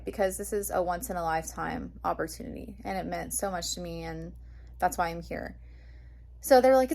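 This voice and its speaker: A young woman tells a story on her vlog in a loose, chatty way. She talks with excitement and fills her sentences with little fillers as she goes. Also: on the low side. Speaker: vlogger.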